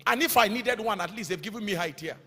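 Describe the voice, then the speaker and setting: A man with a Nigerian accent preaching a fervent sermon. He calls out to the congregation, his voice rising into sing-song lines and sudden shouts. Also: high-pitched, lively intonation, fast talker, breathy edge. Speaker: pastor. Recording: echoey hall with faint music.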